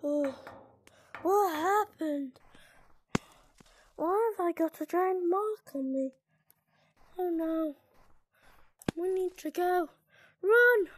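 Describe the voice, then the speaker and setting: A woman with a very high-pitched voice plays a game and narrates her own moves in a playful, sing-song way, breaking into shrieks and giggles. There's slight noise in the background.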